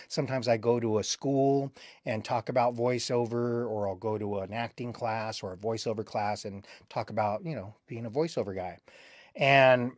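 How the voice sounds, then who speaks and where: Guy voice actor rambling through his memories, lots of uh and um, middle pitch, dead dry sound. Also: no echo. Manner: rambling, many fillers and restarts. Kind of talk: recalled interview answers.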